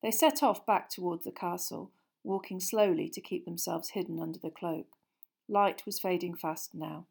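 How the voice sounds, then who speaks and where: A woman reading an audiobook chapter in a hushed, suspenseful storytelling manner. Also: fairly low pitch, normal speed, gravelly. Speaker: audiobook narrator. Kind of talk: scripted narration.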